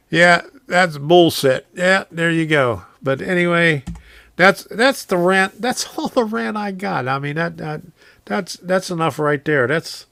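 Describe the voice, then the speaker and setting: A man's voice: on the high side, vocal fry, pushed and bright, no echo. A man hosting a casual live stream from his home train room, rambling, chuckling often and reading viewers' comments aloud.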